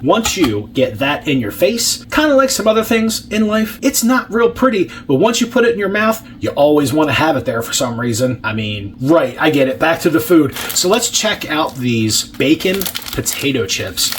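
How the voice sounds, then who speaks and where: A man's voice: a little high, slight background noise. A man hosting a casual food-tasting vlog, chatty and blunt, swearing freely as he unpacks and tastes ration food. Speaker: ration review host.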